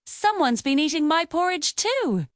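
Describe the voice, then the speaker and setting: A woman voicing a gentle, calm mother bear in a bedtime storybook. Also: sits high, a little slow, dry recording, studio quality, pitched above the performer's own voice. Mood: puzzled.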